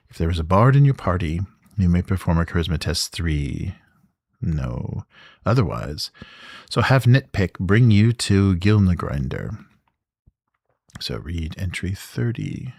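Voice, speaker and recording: A man playing a solo board game adventure, reading the story text aloud with relaxed, muttered asides. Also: deep voice, a little slow, gravelly, breathy edge, no echo, clean studio sound.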